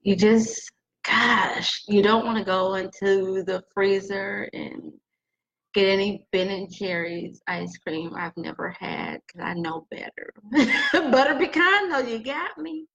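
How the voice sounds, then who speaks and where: A woman's voice: medium pitch, takes it slowly, gravelly, a bit bright, roomy sound. A middle-aged woman teaching crystals in a casual video, joking and chatting straight to her viewers. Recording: dull lo-fi sound.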